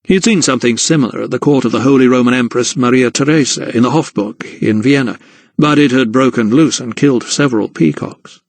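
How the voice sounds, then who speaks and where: Reading scripted narration for an audiobook, a man keeps a steady, measured storytelling tone at medium pitch. It's a dry, close recording with no trace of the room.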